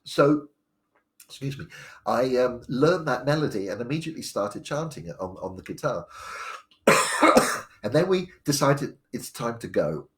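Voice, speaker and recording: A man's voice: medium pitch, very animated, a little slow, pauses often, a bit bright. Older man recounting his youth, rambling and unscripted, mid-range voice. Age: 60s. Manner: rambling, many fillers and restarts. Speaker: storyteller sharing his memoir. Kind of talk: live personal storytelling.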